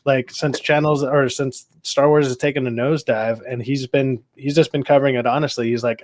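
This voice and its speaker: A man's voice: mid-range voice, moderate pace, darkish tone, no room sound. A man in casual conversation, rambling and swearing now and then. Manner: conversational, rambling with fillers and profanity. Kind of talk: casual chat.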